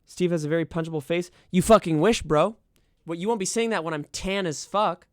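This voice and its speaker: A man's voice: high voice, a little fast, dry recording, studio quality. A young man streaming and chatting casually, sarcastic and profane as he riffs on what he reads. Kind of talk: casual livestream commentary.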